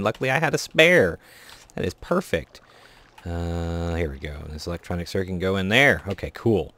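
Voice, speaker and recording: A man casually commenting on his own gameplay, often muttering to himself, counting items under his breath and breaking into excited outbursts. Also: sits low. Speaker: Let's Play host.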